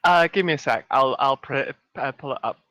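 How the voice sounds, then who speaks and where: A man playing a tabletop game, thinking out loud with lots of fillers as he picks a spell. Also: medium pitch, normal speed, no room sound. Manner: thinks aloud, rambling with fillers. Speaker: player. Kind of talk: casual tabletop game talk.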